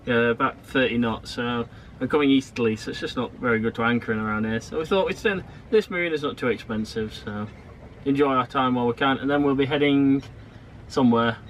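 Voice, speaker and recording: A man co-hosting a sailing vlog, talking casually in a halting, rambling way with many restarts. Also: medium pitch, slight background noise, poor audio. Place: outdoors in a harbour town and on a marina pontoon.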